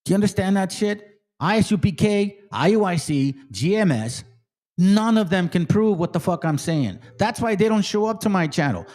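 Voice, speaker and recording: A man's voice: high-pitched, expressive, moderate pace, a little mellow. A man hosting his channel, quoting scripture in a heated, profane and confrontational rant. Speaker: channel host. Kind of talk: heated biblical commentary rant.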